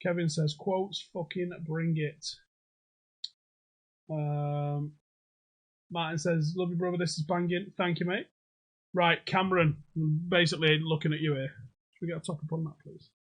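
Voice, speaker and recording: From home, a young man hosts a pub quiz livestream, bantering casually in a jokey, sweary way while reading comments into a desk microphone. His voice is on the high side, with a flat delivery at a normal speed.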